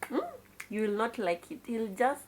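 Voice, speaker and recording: A woman's voice: a little high, lively intonation, normal speed, a little hiss or hum. A young Kenyan woman with a Kenyan accent telling a childhood story to her viewers in a casual, confiding way, dropping in Swahili words and frequent exclamations. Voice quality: mixes in Swahili words and exclaims "kai" often. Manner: confiding, chatty retelling to viewers. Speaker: vlogger.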